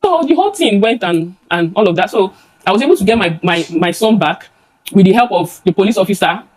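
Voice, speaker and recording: A young woman with a Nigerian accent giving emotional testimony before a judge, rushing and halting with many restarts and repeated words. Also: mid-range voice, expressive, a little mellow, rough recording.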